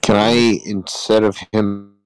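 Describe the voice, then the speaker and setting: Man, tabletop player, low pitch, dry sound; halting, planning aloud. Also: flat delivery, clean tone, no echo, poor audio. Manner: hesitant, many restarts. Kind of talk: casual tabletop play chat.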